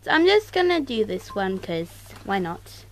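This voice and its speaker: A woman doing casual let's-play commentary to her viewers, excitable, exclaiming and mildly swearing, recorded on a tablet. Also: mid-range voice, normal speed. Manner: talks straight to viewers. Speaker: gaming YouTuber.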